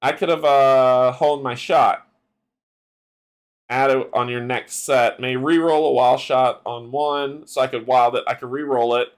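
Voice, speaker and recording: A man's voice: mid-range voice, fairly even intonation, a little slow, clean tone. A man casually playing a solo card game adventure, thinking aloud and laughing often. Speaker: game player.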